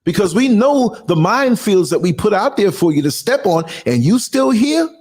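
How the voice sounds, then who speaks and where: A man in his sixties who rants with fire and indignation. His voice sits high for a man and swings widely, and he leans hard on every point he makes. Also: big pitch swings, moderate pace, darkish tone. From United States. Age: 60s. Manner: fiery, indignant, emphatic. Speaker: podcast host and culture critic. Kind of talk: ranting monologue.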